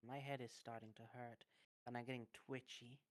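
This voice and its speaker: A tabletop game player chatting in character, halting and restarting, adding stage directions. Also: medium pitch, level tone, slight background noise. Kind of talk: casual in-character chat over voice call.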